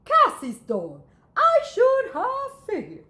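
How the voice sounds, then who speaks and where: A woman voicing a stern, bossy school principal in a storybook read-aloud, scolding in short, sharp commands. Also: extremely high pitch, wildly swooping pitch, slow, pitched above the performer's own voice, exaggerated voice. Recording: echoey room.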